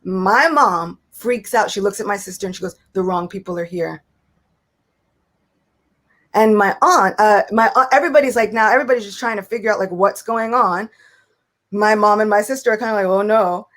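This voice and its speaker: A young woman speaking as a guest in a casual spiritual talk. She tells stories in an animated way and slips into the voices of the people she quotes. Her voice sits at a middle pitch. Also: moderate pace.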